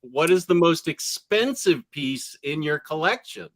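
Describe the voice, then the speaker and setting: A man's voice: a little high, animated, a little slow, dry recording. A man co-hosting a casual podcast chat, earnest and laughing easily as he asks questions.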